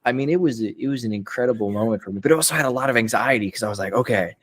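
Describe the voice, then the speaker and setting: A man's voice: mid-range voice, very fast. A young man, a voice actor, chatting as a guest in a casual podcast interview, upbeat and laughing often. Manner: upbeat, laughs often, lively when retelling.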